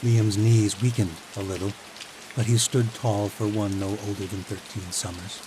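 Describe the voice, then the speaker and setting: A man with a fairly low voice reads a fantasy audiobook calmly and evenly. Steady rain is clearly audible behind his narration. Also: moderate pace, noisy background.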